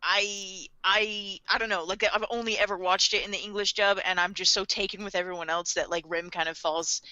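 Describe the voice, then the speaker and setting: A woman in casual podcast chat, laughing easily as she quotes characters and fills in plot details. Her voice is bright and clear. The recording is dry, with no room sound. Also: mid-range voice, fairly even intonation, a little fast, no echo, lo-fi sound. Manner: giggly, quotes characters, adds plot context. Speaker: podcast co-host.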